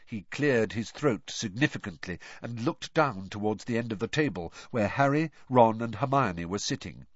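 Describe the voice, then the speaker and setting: Expressive male audiobook narrator. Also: on the low side, normal speed, dry recording, dull audio. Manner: expressive storytelling. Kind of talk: scripted narration.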